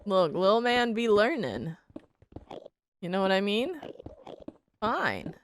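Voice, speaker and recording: Slow, laid-back woman streamer with a stuffy nose. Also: mid-range voice, big pitch swings, slight background noise. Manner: laid-back, drawling, frequently says "bruh". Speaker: live streamer. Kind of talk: casual chat while gaming.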